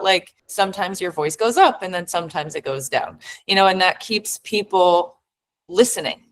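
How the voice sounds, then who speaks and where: A woman's voice: medium pitch, a little hiss or hum, rough recording. A woman who is a fitness coach, asking questions and sharing her coaching experience in a conversational way. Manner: conversational, reflective, thinks aloud. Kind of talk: coaching panel discussion.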